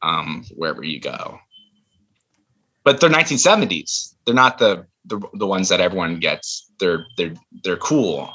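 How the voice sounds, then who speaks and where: Husky, bright-voiced man on a casual call. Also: low voice, animated, normal speed, rough recording. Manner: hesitant, restarts, gets heated then sheepish. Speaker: podcast co-host. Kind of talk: casual chat. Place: remote video call. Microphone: video call.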